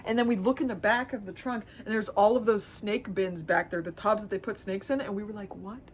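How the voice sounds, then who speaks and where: A woman's voice: medium pitch, steady tone, a little fast, a little hiss or hum. Chatty, self-mocking woman vlogger. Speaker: vlogger and theater producer. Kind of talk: casual storytelling vlog.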